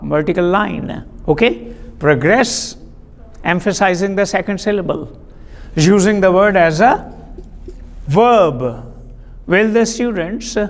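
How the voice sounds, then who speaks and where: A male teacher leads a classroom vocabulary lesson, speaking deliberately, spelling words out and repeating sentences for dictation. His voice sits high, with a big-room sound.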